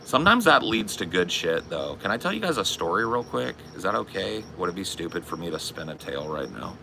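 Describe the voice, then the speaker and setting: A man's voice: deep voice, very animated, brisk, gravelly, noisy background. A man in his forties chatting casually on a live stream, rambling and swearing in a bro-ish way. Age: 40s. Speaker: streamer and podcast host.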